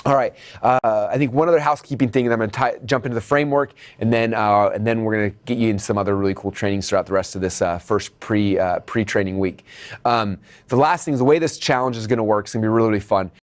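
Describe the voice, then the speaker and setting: A man teaching an online business course in an energetic, motivational style, speaking straight to the viewers and often checking in with "okay?". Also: on the low side, quick pace. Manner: addresses viewers as "you guys". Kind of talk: motivational video training.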